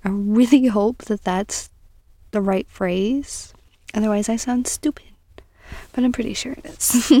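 Slow, gravelly-voiced woman podcast host. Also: a little high, no room sound. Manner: earnest and encouraging, drifting into soft whispery asides. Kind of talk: casual self-help podcast monologue.

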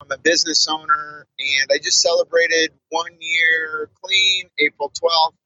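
A man in his forties leaving a halting, plain-spoken voice message for a podcast host. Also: on the high side, level tone, sharp tone, no echo, lo-fi sound. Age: 40s. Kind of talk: recorded voice message.

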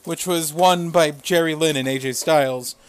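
A man's voice: a little high, moderate pace, clean tone. A man co-hosting a casual wrestling recap, retelling scenes with crude humor and frequent laughs. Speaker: podcast co-host.

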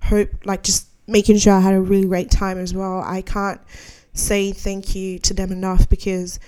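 A woman's voice: mid-range voice, completely flat delivery, normal speed, mellow, clear, resonant tone. A young adult woman hosting a podcast in casual chat, candid and heartfelt, full of slang and "like"s. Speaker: podcast host.

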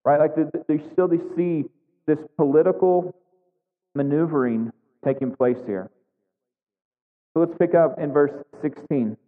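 A male preacher teaches scripture in a chatty, conversational way, full of restarts and tag questions. His voice sits on the high side. The sound is thin and phone-like, with long hall reverb. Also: unhurried, long pauses. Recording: tinny echoey hall recording.

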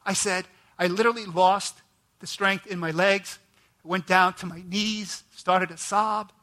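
Guy preaching his testimony, high bright voice, earnest storyteller. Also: steady tone, unhurried. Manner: earnest storytelling, voice rising high when emotional. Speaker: ministry president. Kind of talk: testimony sermon.

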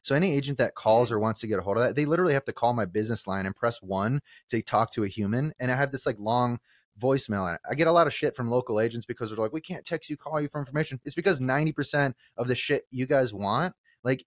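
Blunt, rapid-fire male real estate agent guest, swears freely, dry close-mic sound. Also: medium pitch, expressive, no room sound. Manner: blunt and fast, with frequent profanity. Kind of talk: casual podcast chat.

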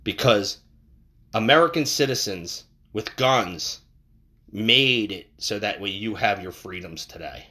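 Guy ranting on his podcast, kinda low voice, swears a lot, gets loud then mumbles, bare room w a bit of echo. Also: lively intonation, unhurried. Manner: rambling, profane, swings between loud and mumbled. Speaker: podcast host. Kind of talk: casual monologue. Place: untreated home room. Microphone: boom-hung microphone.

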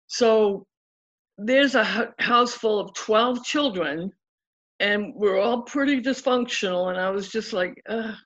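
A woman's voice: mid-range voice, a bit bright. Candid woman in her sixties, muffled recording. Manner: candid, acts out remembered dialogue. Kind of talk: personal life story.

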